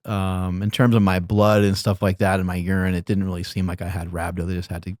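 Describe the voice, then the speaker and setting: A man's voice: low voice, fairly quick, no echo, studio quality. Laid-back man telling rambling stories. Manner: relaxed, rambling, laughs while telling stories. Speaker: podcast guest. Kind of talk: casual storytelling.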